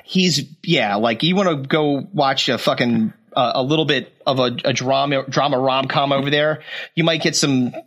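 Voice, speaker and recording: A man co-hosting a podcast, with an easy mid-range voice. He cuts in with quick jokes and short comebacks and swears casually. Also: mid-range voice, a bit bright. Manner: joking, swears, quick interjections. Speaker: podcast co-host.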